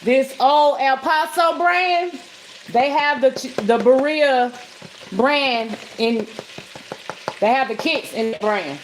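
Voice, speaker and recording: A home cook vlogger talks straight to her viewers while cooking in her kitchen, casual and salty-tongued. Her voice is high and her pace slow, with slight background noise. The kitchen echoes, and frying sizzles behind her.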